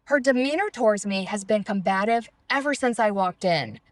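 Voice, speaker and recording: Woman calmly reading her own memoir. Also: mid-range voice, dry recording. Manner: calm, reflective, measured storytelling. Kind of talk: first-person memoir reading.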